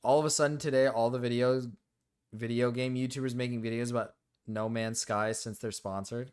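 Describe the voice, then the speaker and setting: A man live-streaming casually, reacting to videos and talking to chat, excitable and quick to yell, then sheepishly apologize. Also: medium pitch, smooth. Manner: excitable, swings between yelling and sheepish apologies.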